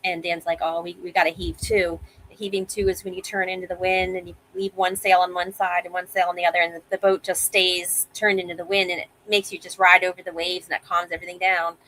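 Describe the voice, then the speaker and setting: A woman in her fifties telling sailing stories as a guest over a video call, animated and vivid. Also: lowish voice, fairly quick, hardly any pauses, a little hiss or hum, poor audio. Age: 50s. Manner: animated storyteller, acts out quoted voices. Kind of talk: casual interview storytelling.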